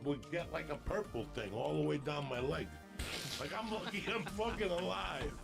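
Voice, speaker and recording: Gravelly, profane storytelling man. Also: fairly high pitch, moderate pace, loud music behind the voice. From New Jersey, USA. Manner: profane, animated, acts out quotes. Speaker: podcast guest. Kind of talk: casual storytelling on a podcast.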